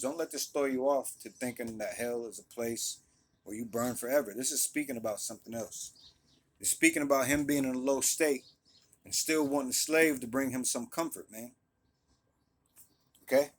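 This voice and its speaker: In an informal Bible lesson, a medium-pitched male teacher first reads the passage straight, then breaks it down in relaxed, ordinary speech with frequent quick check-ins to listeners.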